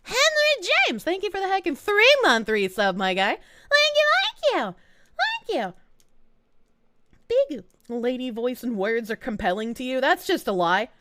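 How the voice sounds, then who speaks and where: Gruff Boston woman, high and lively. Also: unhurried, no echo, clean studio sound. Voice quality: gruff, grating. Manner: blunt and profane, laughs often. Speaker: VTuber streamer. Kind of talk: casual live-stream chat.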